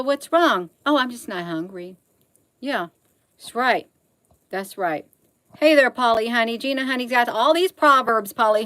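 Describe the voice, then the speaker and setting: A woman's voice: fairly high pitch, a bit bright, dry recording, low-quality recording. A middle-aged woman hosting a casual livestream, reading proverbs aloud and chatting folksily with viewers, calling them honey. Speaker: livestream host.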